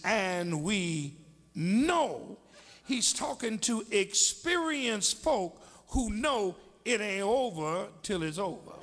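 A man preaching a sermon in a church, moving between slow teaching and shouted declarations and calling on the congregation to respond. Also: high-pitched. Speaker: pastor. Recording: long hall reverb.

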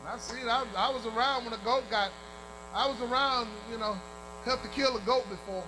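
A man preaching a fervent sermon, chanting and shouting to his congregation and calling for amens. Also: very high voice, brisk, noisy background. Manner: calls out to the congregation.

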